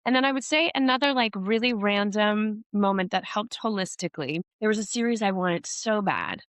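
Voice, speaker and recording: A woman actress telling career anecdotes in an interview, animated and full of "like" fillers. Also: medium pitch, fairly quick, no room sound. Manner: animated anecdotes with many "like" fillers and acted-out quotes. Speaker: actress and podcast host, interview guest. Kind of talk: candid career interview, storytelling.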